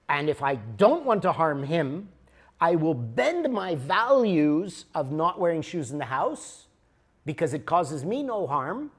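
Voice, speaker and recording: Animated man giving a live talk. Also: on the high side. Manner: animated, conversational, with sudden loud and soft shifts. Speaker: workshop speaker. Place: lecture room with audience.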